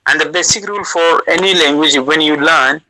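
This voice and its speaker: Bright-voiced man on an audio call. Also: a little high, a little hiss or hum, rough recording. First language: South Asian language. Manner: slow, halting, many uh fillers and restarts. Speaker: guest giving language advice. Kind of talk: casual advice over an audio call. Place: lives in the United Kingdom.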